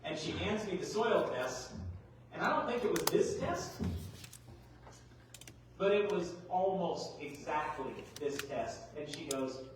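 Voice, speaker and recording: Animated man in echoey hall. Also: fairly high pitch, measured pace, pauses often, noisy background. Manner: animated, folksy storytelling with rhetorical questions. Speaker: agronomy speaker. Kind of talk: workshop presentation. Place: large hall. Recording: echoey hall, mic far off.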